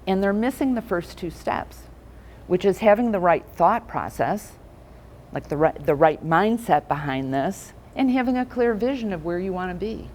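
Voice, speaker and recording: A woman's voice: mid-range voice, lively intonation, normal speed, a little mellow. A middle-aged woman giving a conversational keynote talk to a room of financial advisors, telling stories and putting questions to the audience.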